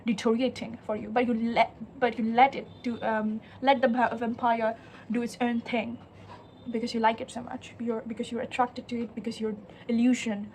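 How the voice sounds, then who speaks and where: High-voiced woman explaining a poem. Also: little pitch movement, normal speed, darkish tone, a little hiss or hum. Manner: earnest, searching, restarts mid-phrase. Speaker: literature teacher. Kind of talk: conversational poetry lecture.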